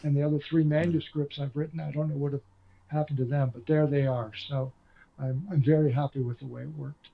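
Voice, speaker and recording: An older Canadian man, once a radio host and now an author, chats as a guest in an interview, telling stories in a self-deprecating way. His voice is a little high, with flat, brisk delivery and vocal fry, and the audio sounds like it came over a phone.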